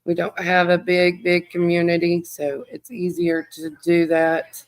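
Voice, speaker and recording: A woman hosts a casual true crime livestream and talks slowly and easily, taking her time. Her voice is smooth and clear. She sounds tired and rambles as she chats with viewers and greets them by name. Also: fairly low pitch, monotone.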